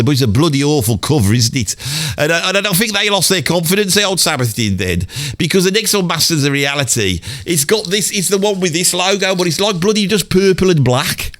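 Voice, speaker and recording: This is an older man from Birmingham with a broad Brummie accent and a voice that sits a touch high. He tells stories in a loose, conversational ramble, full of mild swearing, and slips into little impressions of the people in them. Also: sing-song, a little fast, fairly bright tone. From Birmingham, England. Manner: chatty, swears mildly, breaks into sung and mimicked bits. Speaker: storyteller guest. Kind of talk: casual rambling reminiscence.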